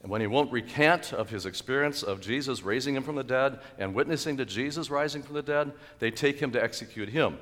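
A male pastor preaching a sermon in a church, animated and chuckling, with sudden loud exclaimed quotes. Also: mid-range voice, fairly quick, few pauses, big-room sound. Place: church sanctuary.

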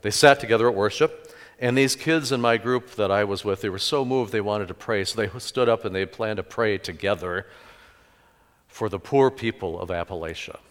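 A middle-aged male pastor preaching a sermon in a church, telling stories with sudden loud emphases. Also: on the low side, normal speed. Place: church sanctuary. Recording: echoey church hall with long reverb.

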